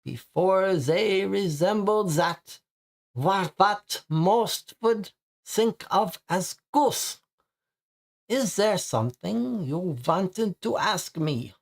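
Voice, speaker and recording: A man's voice: high-pitched, lively intonation, vocal fry, voice pushed up, exaggerated voice. A man reading aloud as a theatrical man who role-plays a vampire, stretching his words in an affected way. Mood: grandiose. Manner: slow, drawn-out, affected vampire speech.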